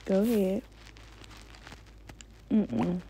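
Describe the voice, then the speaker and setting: A woman's voice: mid-range voice, fairly even intonation, extremely slow, mellow, a little hiss or hum, poor audio. A woman giving casual, slangy commentary while playing a game and talking to her viewers. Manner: slangy, chatty, talks to viewers. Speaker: gamer.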